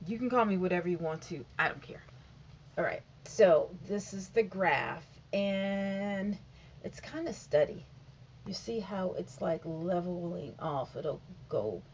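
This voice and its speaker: A woman's voice: lowish voice, a little mellow, slight background noise. Woman vlogger at home, casual and rambling, trips over figures, slightly muffled recording. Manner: rambling, stumbles over numbers, self-corrects. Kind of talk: casual update reading figures aloud.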